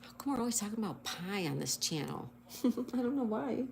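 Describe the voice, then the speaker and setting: A woman's voice: medium pitch, big pitch swings, brisk, vocal fry, a little hiss or hum. A woman hosting a casual livestream, cheerfully spelling out words letter by letter and reading viewer comments aloud. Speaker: livestream host.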